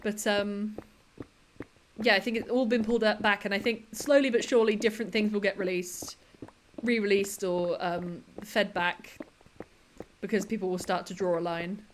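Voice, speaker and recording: A woman's voice: mid-range voice, steady tone, normal speed, a little hiss or hum. A woman chatting casually on a livestream, laughing often and quoting comedy lines. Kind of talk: casual chat with chat while gaming.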